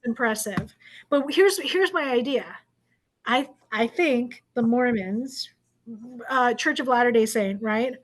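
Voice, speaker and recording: A woman's voice: a little high, takes it slowly. A woman in her thirties hosting a video call, chatting with enthusiasm and a teasing edge. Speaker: host of an accountability call. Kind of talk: casual chat.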